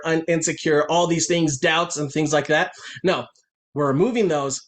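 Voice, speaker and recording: A man business coach giving an emphatic motivational pep talk on a group video call. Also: fairly high pitch.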